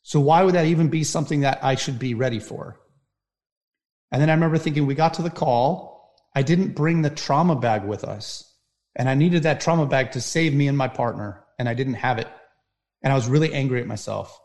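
A middle-aged man, a firefighter, telling stories in an animated way and often asking "right?". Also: medium pitch, a little fast. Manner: animated storyteller, frequent "right?" tags. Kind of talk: storytelling talk.

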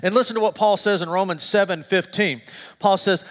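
A middle-aged man, a pastor, preaching a sermon and telling stories with animated, self-deprecating humor. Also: sits high, a little fast, long reverb tail. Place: church sanctuary.

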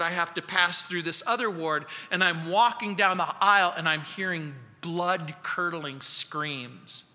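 Bright-voiced pastor preaching in an echoing hall. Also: male voice, on the high side. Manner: earnest storytelling, sudden quiet drops for emphasis. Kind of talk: expository sermon. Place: church sanctuary. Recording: long reverb of a church hall.

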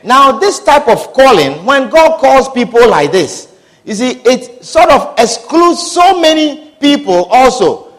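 A man's voice: very high-pitched, big pitch swings, a little slow, a bit bright. A man preaching a sermon with passion, repeating phrases and calling out hallelujah and amen. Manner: impassioned, repetitive, calls out hallelujah and amen.

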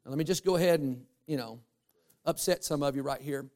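A male pastor preaching a sermon, animated and humorous, with asides to the congregation. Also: fairly high pitch, a little fast.

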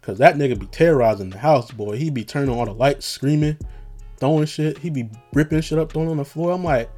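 A man's voice: fairly high pitch, brisk, darkish tone, faint music behind. Rambling young man, casual slangy monologue.

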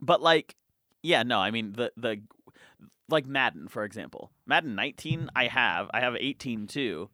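A young man chatting casually as a podcast co-host, telling stories with lively acted-out quotes. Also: moderate pace, no echo, clean studio sound. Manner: animated storyteller, acts out quotes in loud high voices. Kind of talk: casual chat.

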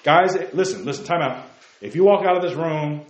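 A man preaching a sermon to a youth group, fervent and emphatic, repeating his key phrases and talking fast. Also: on the high side, roomy sound. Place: meeting room.

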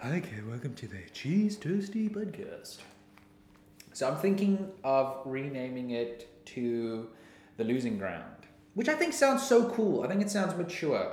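A man's voice: medium pitch, a little mellow, echoey room. A young man hosting his own podcast alone, rambling in a goofy, casual way and sometimes slipping into silly voices. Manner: goofy, jumps between silly voices and mumbling. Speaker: podcast host.

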